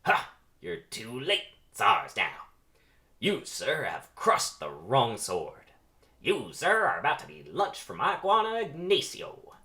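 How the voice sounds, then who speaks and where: A man voicing a blustering male crook in a squeaky, shouting voice, reading a cartoon script aloud. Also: huge pitch swings, slow, exaggerated voice. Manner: squeaky and yelling.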